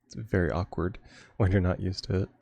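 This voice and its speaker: A man's voice: deep voice, steady tone, fairly quick, creaky, darkish tone, slight background noise. A man streaming a game, chatting casually and rambling with frequent chuckles. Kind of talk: casual gameplay chat.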